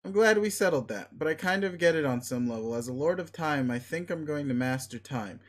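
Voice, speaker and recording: A man's voice: a little high, animated, a little fast, natural voice. A man reading as a pushy, sneering young alien. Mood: domineering. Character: arrogant crude young male alien, bossy and vicious. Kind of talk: reading a webcomic aloud.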